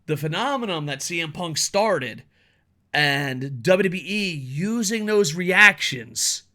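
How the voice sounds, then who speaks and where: Blunt, profane ranting man, bright tone. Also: on the high side, animated, slow pace. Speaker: wrestling commentary youtuber. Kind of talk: solo opinion rant to camera.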